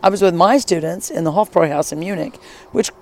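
A middle-aged former high school teacher telling a travel story in casual chat, lively and enthusiastic, with many asides. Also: quick pace.

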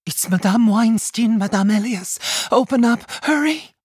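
A woman playing a frightened neighbor woman in an audiobook, her voice lifted higher and pressing with urgency. The recording is dry and close. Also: lively intonation, unhurried, a little mellow, breathy edge, no echo. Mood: urgent. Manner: urgent, pleading.

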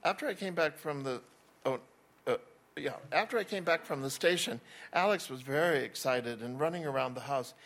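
A man's voice: fairly high pitch, normal speed, a bit bright. A man reading a first-person novel aloud in a wry voice, with small slips and restarts. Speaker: narrator.

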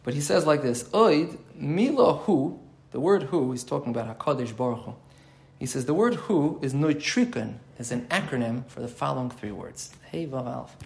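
A man's voice: medium pitch, expressive, brisk, vocal fry, darkish tone. A man giving an explanatory Torah class, thinking aloud and repeating key phrases as he explains. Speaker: Torah teacher.

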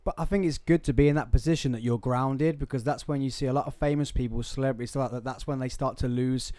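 A man's voice: mid-range voice, fairly even intonation, dark tone, no echo, studio quality. A man hosting a podcast, talking conversationally and correcting himself as he asks questions. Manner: conversational, halting, self-correcting. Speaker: podcast host. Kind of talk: casual chat.

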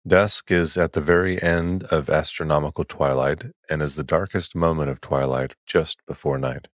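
A man hosting a sleep podcast, reading an article slowly in a soft, calm, soothing voice. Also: no echo, studio quality. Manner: soft, slow and calm, drifting lower and quieter. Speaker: podcast host.

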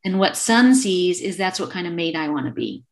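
A woman's voice: on the low side, sing-song, moderate pace, creaky. A middle-aged woman speaking earnestly as an interview guest, often acting out little quoted exchanges in a casual way.

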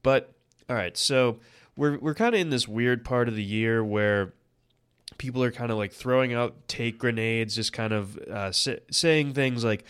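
A man's voice: lowish voice, normal speed, a bit bright, smooth, no echo, clean studio sound. A man co-hosting a casual sports podcast, stuffy-nosed and congested, laughing through self-deprecating banter. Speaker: podcast co-host.

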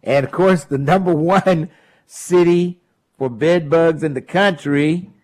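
A man's voice: on the high side, slow pace. A man hosting a call-in talk radio show, laughing and mocking callers. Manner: animated, laughs often, mocks callers.

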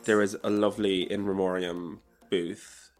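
A man's voice: deep voice, little pitch movement, normal speed, music in the background. A man co-hosting a podcast, recapping an event in a gushing, rambling casual chat. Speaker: podcast co-host.

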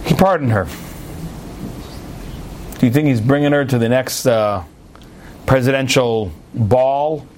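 A man preaching as a rabbi, telling a parable with jokey asides and sudden high emphatic swings. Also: measured pace, pauses often, noisy background. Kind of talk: sermon with a told parable.

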